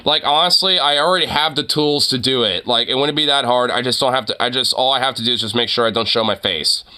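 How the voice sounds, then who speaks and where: A man with a bright, forceful voice talks in a loose, rambling rant, swearing freely and breaking into laughs. His pitch sits in a middle range for a man. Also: fast talker, slight background noise. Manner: rambling, profane, laughs often. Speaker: channel host. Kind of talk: casual commentary rant.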